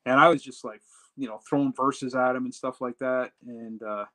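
A man telling a personal story in a casual, animated way, acting out the dialogue as he goes. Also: mid-range voice, moderate pace, rough recording. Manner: animated retelling that acts out quoted dialogue. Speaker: storyteller recounting a personal trip.

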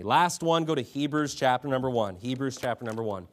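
Male pastor, forceful sermon, loud scripture reading, frequent throat clearing, mid-pitched voice. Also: normal speed.

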